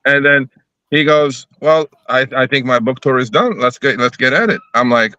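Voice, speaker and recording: Man for a casual live chat: bright voice, swears a lot, acts out both sides of his stories. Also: mid-range voice, normal speed, smooth, no room sound, dull audio. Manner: profane, animated storytelling, acting out both sides of conversations.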